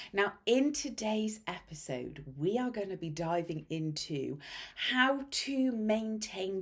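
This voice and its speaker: Animated woman, lively pitch. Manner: animated storytelling with dramatic hushed asides. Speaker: podcast host and mindset coach. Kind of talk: casual monologue to listeners.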